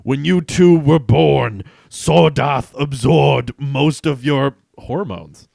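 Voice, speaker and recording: A booming strongman hero, as a man reads him out explains things in loud, emphatic lines. The pace is slow and the voice has a gravelly edge. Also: no echo, clean studio sound, full character voice. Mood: earnest.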